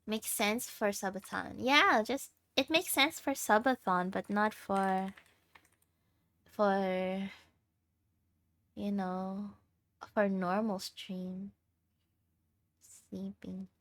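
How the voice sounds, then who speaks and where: Young woman, livestreamer, tired, laid-back chat, lots of laughs, drawn-out pace, mid pitch. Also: fairly bright tone, no room sound. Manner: laughs often while chatting. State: tired, sleep deprived. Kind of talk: casual chat with viewers.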